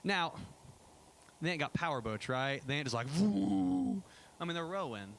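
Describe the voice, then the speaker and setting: An enthusiastic man shares trip photos with a church congregation in a casual, rambling way, full of fillers and restarts. His voice sits at an ordinary middle pitch. A faint hiss of noise runs under the recording. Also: expressive, a little fast, sharp tone. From United States. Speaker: pastor. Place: church sanctuary.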